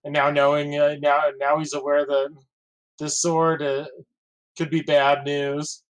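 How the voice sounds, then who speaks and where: A man's voice: fairly high pitch, monotone, a little slow, rough recording. A man playing a tabletop game, explaining his character's thoughts hesitantly. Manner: hesitant, fumbling for words. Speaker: player. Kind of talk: casual tabletop game chat.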